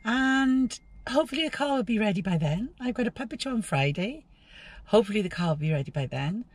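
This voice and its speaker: Husky lively woman vlogging. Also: medium pitch, brisk, no echo. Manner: chatty, exclamatory, laughs often. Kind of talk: casual travel vlog.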